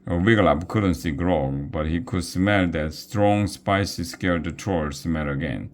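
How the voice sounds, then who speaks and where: A man reading a children's novel aloud, slow and careful, with small restarts. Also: sits low. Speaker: reader.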